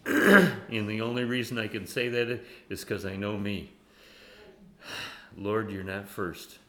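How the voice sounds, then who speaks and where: A man teaching a conversational sermon who reads scripture aloud and laughs often, animated and self-mocking. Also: on the low side, takes it slowly. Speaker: Bible teacher.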